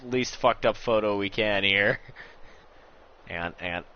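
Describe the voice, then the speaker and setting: A man's voice: slow, clean tone. A young man casually commenting on a game as he streams it, joking, sarcastic and swearing freely. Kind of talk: casual let's-play commentary. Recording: muffled low-quality stream audio with faint hiss.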